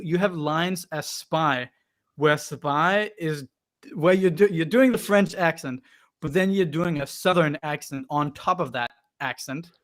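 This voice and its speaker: A male host asking long questions on a live stream, halting and full of fillers. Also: fairly high pitch, a bit bright.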